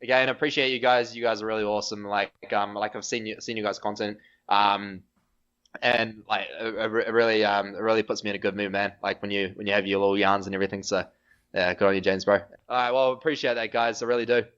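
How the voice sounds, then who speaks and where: Kiwi male guest, relaxed bro talk, slightly low voice on a dull remote line. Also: fast, clear, resonant tone. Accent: New Zealand. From New Zealand. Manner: laid-back, slangy, calls people bro. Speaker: podcast guest. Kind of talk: casual chat.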